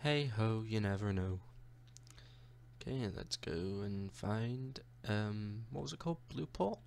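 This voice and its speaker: A young man chatting through a game he is playing, joking and talking back to the characters. His low voice has a gravelly edge, and a faint hiss sits under the recording. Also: unhurried, darkish tone. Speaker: gaming YouTuber. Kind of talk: let's-play commentary.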